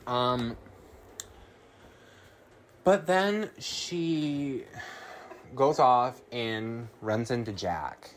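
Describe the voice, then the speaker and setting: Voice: mid-range voice, extremely slow, long pauses, a little hiss or hum. A podcast host giving a casual film recap, rambling with lots of fillers and swearing freely.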